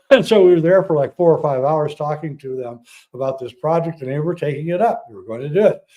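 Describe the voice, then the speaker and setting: A man, a guest on a podcast, telling a long personal story in a casual, halting way with many fillers and restarts. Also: on the high side, warm tone.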